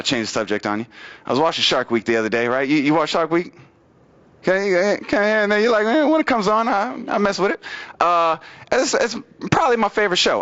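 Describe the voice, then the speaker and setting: A man doing open mic stand-up in a fairly high voice, rambling through fillers and repeats. His pitch swings far up and down as he acts out other people. The recording sounds dull and lo-fi. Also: a bit bright. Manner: loose, rambling delivery with many fillers and repeats. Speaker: stand-up comedian. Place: small studio stage with audience.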